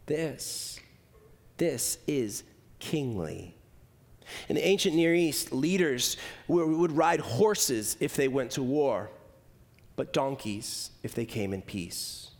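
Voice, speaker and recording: A man preaching a sermon, moving from loud, stressed lines to hushed, slow ones, with rhythmic repeated lists. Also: mid-range voice, expressive. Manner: dramatic swings between loud emphasis and hushed, slow lines; rhythmic, list-like repetition. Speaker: pastor.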